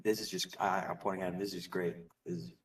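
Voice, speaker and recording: A man's voice: low-pitched, flat delivery, fast, recorded from a distance. A man playing in a tabletop game, hesitant and stammering as he asks and explains. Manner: hesitant, soft-spoken, stammering. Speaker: player. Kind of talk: in-character tabletop play.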